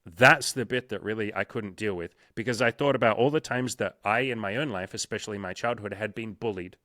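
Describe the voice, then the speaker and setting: A man's voice: fairly low pitch, fairly quick, sharp tone, dry recording, clean studio sound. A man talking as a coach in a casual podcast conversation, swearing often and acting out quoted exchanges with emphasis. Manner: profane, emphatic, acts out sales calls in quoted voices. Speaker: dating and life coach.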